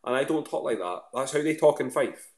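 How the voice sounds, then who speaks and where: A man's voice: medium pitch, lively intonation, a little fast, reverberant. A Scottish man chatting casually as a radio guest, rambling with fillers and restarts. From Scotland. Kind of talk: casual chat.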